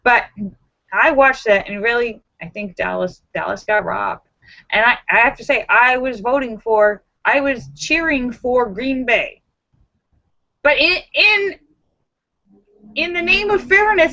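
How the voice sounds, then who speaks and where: A woman hosts a casual live-stream chat with a bright, high voice. She talks in an animated, emphatic and sassy way. The sound is dull and lo-fi. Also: unhurried. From Los Angeles area. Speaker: livestream host.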